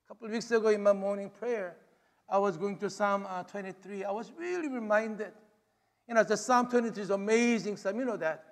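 A man's voice: sits high, brisk. A man preaching a sermon to his congregation, emphatic and repetitive, often saying "you know". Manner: emphatic, repeats phrases, frequent "you know". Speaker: pastor. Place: church sanctuary. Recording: long hall reverb. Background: hall reverb.

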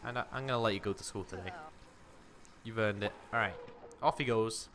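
A man's voice: on the low side, fairly quick, noisy background. A young man casually commenting on his life-simulation game, chatting to his character as he plays. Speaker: gaming commentator. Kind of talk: casual let's-play commentary. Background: game music.

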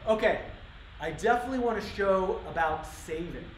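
In a workshop room, a high-pitched man teaches live coding at a normal speed with lively intonation. He thinks aloud, often restarting and using fillers, and the roomy live-stream recording picks up faint room noise.

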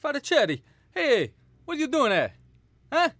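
A man putting on an exaggerated, cliché Italian accent, shouting at the microphone. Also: extremely high pitch, wildly swooping pitch, normal speed, no echo, voice pushed up, exaggerated voice.

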